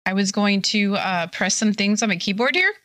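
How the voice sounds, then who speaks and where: A woman's voice: mid-range voice, normal speed, a bit bright, dry recording. A young woman streaming live, a little tipsy, chatting casually and bubbly as she reads her chat aloud.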